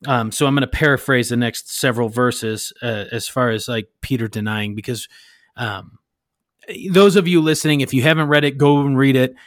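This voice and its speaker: A man's voice: medium pitch, normal speed, no echo. Rambling man paraphrasing scripture, dry sound. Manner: rambling, searches for words, paraphrasing. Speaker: podcast host. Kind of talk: casual Bible discussion.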